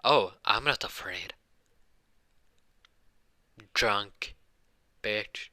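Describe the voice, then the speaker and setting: A man's voice: lowish voice, drawn-out words, bright, forceful tone, dry recording, studio quality, full character voice. Man voicing a brash young hero, defiant. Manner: rambling, restarts often.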